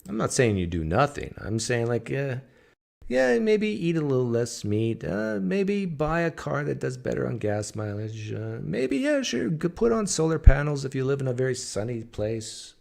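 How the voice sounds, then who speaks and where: A man's voice: mid-range voice, sing-song, moderate pace, creaky, darkish tone. A man hosting a livestream from home, chatting casually and answering viewers' comments aloud. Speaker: livestream host. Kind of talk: casual live chat with viewers.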